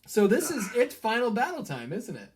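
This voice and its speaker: A man chatting casually on a movie review podcast. He tells stories with animated energy and breaks into laughter often. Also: extremely high pitch, normal speed. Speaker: podcast co-host.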